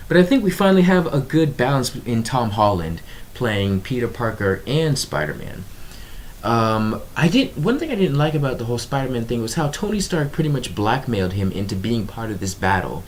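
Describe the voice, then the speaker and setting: Animated young man reviewing a movie. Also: medium pitch, normal speed, slight background noise. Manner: animated, exasperated, filler-heavy with frequent ums. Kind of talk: casual video review monologue.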